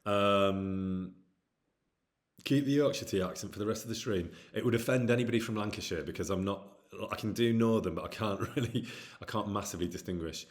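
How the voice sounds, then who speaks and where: A livestream host with a Brummie accent, from the English Midlands near Birmingham, chats casually with his viewers. He reads out their comments in a self-deprecating way, speaking briskly in a voice on the low side.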